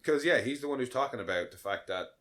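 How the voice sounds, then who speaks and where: A man's voice: mid-range voice, expressive, fast, a bit bright. A man co-hosting a podcast, chatting casually as he recaps a TV episode and laughs often. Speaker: podcast co-host.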